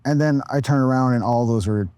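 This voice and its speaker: A tired-sounding man in his thirties, a content creator guesting on a podcast, speaks fairly quickly in a smooth, dark, mid-range voice. He rambles loosely and laid-back, swearing freely and restarting sentences, and his voice sounds dry and close, with no room echo.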